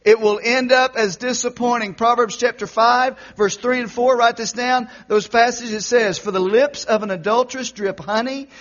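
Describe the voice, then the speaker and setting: High-voiced preacher, wide dynamic swings. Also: male voice, fairly even intonation, normal speed, few pauses, highs cut off. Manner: preaching with big swings from loud exhortation to quiet intensity. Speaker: pastor. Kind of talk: sermon.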